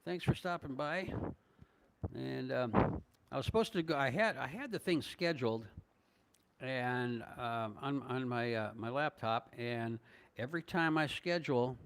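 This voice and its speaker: A man's voice: mid-range voice, a little slow, a bit bright, clear, resonant tone. Rambling older man from Minnesota. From northern Minnesota, USA. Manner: rambling, hesitant, many fillers and chuckles. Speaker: vlogger answering live chat. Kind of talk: casual live-stream Q&A.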